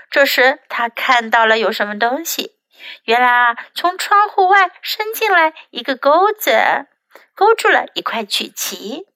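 A woman teacher reads a bilingual children's story in a slow, careful storybook style. Her voice sits a little high and bright, and the close, dry recording puts her right at the mic. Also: no echo. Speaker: English teacher.

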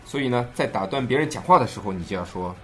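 A man's voice: mid-range voice, racing, faint music behind. A man co-hosting a language show, explaining English phrases in Mandarin with a playful, teasing manner. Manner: jokey, teasing, animated. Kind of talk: playful bilingual lesson banter.

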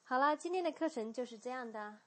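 A woman teaching English pronunciation in a clear lesson style, modelling words and sounds slowly and repeating them, with explanations in Mandarin. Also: sits high, expressive, fairly bright tone.

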